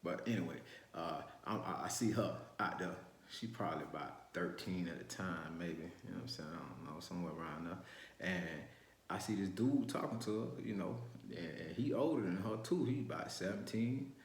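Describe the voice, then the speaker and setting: A man's voice: low voice, normal speed. A man, telling a story from his youth in rambling street slang, with many restarts. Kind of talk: casual first-person storytelling. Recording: roomy echo.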